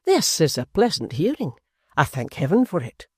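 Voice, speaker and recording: A zealous nobleman proclaims grandly, pleased with himself and his cause, as an audiobook narrator puts him on. His pitch moves with lively sweep in a dry, close sound. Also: normal speed, husky, dry recording. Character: zealous lordly political leader.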